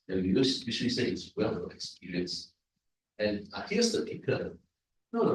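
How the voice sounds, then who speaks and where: A man's voice: on the low side, a little mellow, slight background noise. Male Toastmasters evaluator, explanatory and repetitive, recorded from far off in a very reverberant hall. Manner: explanatory, repetitive, asks the audience "right?". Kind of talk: club meeting evaluation speech. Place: large echoey meeting room. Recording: echoey room from far off.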